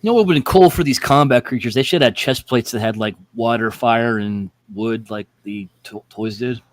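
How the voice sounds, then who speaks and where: A man co-hosting a casual collector chat, talking in an animated way with laughs and quick asides. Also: mid-range voice, no room sound. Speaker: co-host.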